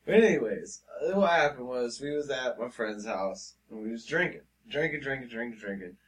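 A man's voice: medium pitch, expressive, normal speed. Chill guy telling a story, swears casually, sounds kinda far from the mic. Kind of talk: casual chat. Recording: a bit distant from the mic.

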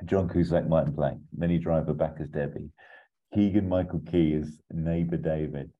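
A man casually pitching a film plot as a podcast host, rambling, laughing often and swearing. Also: fairly even intonation, moderate pace, narrow, tinny audio.

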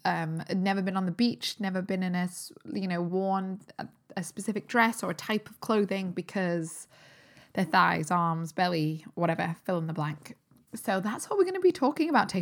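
A British woman, a holistic nutritionist, hosting her own podcast in a chatty, upbeat way, her voice still a little croaky from a recent cold. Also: mid-range voice. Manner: chatty and upbeat, with frequent fillers and restarts. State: slightly croaky voice recovering from a cold. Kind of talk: casual solo podcast talk.

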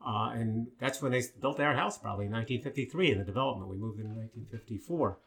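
An older man from Long Island, New York, telling stories in a casual chat, animated and full of fillers. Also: medium pitch, fast, gravelly. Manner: animated storyteller with many fillers.

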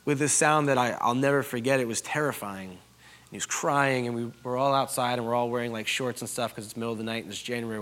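A young adult man preaching a sermon, swinging from hushed, quiet passages to emphatic, raised declarations. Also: medium pitch. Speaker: pastor.

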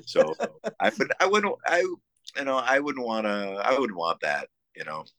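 A musician guest from the Buffalo area of the United States tells enthusiastic stories in a casual interview, full of fillers and restarts. His medium-pitched, slightly bright voice swoops wildly in pitch at a moderate pace.

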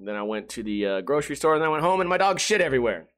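This young man's storytelling is rapid-fire and sing-song, with a fairly bright tone. It's a profane, laughing monologue in which he imitates other people in a higher-pitched voice.

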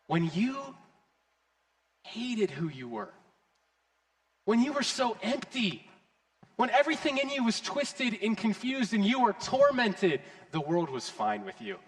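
A man preaching a sermon with passion, swinging from loud declarations to hushed, intense passages. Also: high voice. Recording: long hall reverb.

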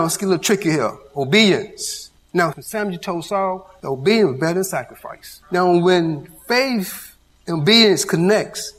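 This man's voice is high-pitched and fairly bright, echoing through a long hall reverb. He's teaching the Bible at church interactively, throwing call-and-response questions to the audience.

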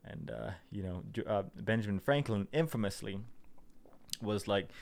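A man's voice: fairly low pitch, normal speed, gravelly. A young man in a casual, rambling monologue, sarcastic and profane, full of fillers and self-interrupting asides.

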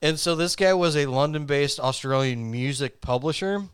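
Podcast guy telling a story, smooth clear voice, dry close mic, jokes around a lot. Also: on the high side, moderate pace, dry recording. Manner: jokey, laughs often, reads facts loosely. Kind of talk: casual podcast chat.

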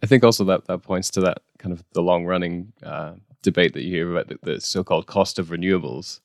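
A man in a casual podcast discussion, talking quickly with fillers like "you know". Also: low-pitched, vocal fry, no echo, studio quality.

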